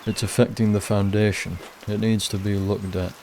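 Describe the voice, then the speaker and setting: A man's voice: on the low side, flat delivery, normal speed, darkish tone, a little hiss or hum, natural voice. A man voicing a blunt, insistent male church worker with a northern English accent.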